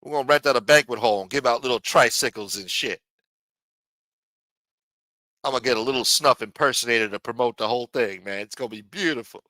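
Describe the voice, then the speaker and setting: A man hosts a livestream, rambling casually, swearing often, and tacking "man" onto his sentences. His mid-range voice is bright and forceful, a little fast, with no echo.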